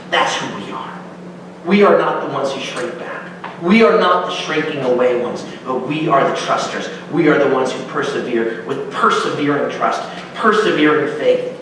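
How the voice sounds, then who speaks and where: A man preaches a Bible lesson with a high, lively voice, leaping up and down in pitch as he acts out the lines. He sounds far from the mic, in a hall full of echo, with a faint hum underneath. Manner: animated, acts out quotes with big pitch swings. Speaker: pastor teaching a Bible class. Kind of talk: sermon-style Bible teaching. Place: church hall.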